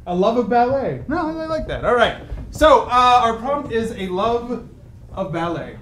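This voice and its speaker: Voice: medium pitch, very animated, a little slow, a bit bright. An improv performer introducing games and taking audience suggestions in a loose, chatty way. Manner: loose, chatty, self-deprecating. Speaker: improv show emcee. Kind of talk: live improv show hosting. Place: comedy club stage. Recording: echoey club with audience noise.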